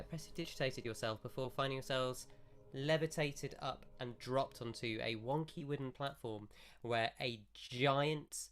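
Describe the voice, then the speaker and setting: Rambling game master. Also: male voice, mid-range voice, bright, forceful tone. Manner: rambling, self-correcting descriptions. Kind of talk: narrating a tabletop game.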